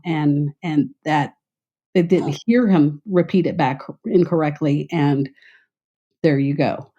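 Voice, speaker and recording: A middle-aged woman from Texas with a light Southern accent, explaining her past work as a guest in an interview in a clear, concise, measured way. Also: lowish voice, dark tone. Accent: light Southern American. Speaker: interview guest, former air traffic controller. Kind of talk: conversational interview.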